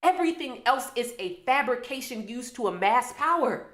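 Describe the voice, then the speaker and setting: A woman's voice: a little high, lively intonation, normal speed, echoey room. A woman astrology reader, delivering an impassioned, preachy livestream monologue full of rhetorical questions. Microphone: camera mic on a livestream.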